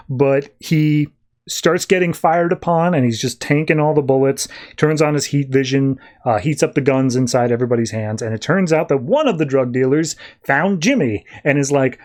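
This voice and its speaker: A man's voice: mid-range voice, darkish tone. Casual young-sounding man recapping comics. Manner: loose, chatty retelling with quick voiced asides. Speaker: podcast host reviewing comics.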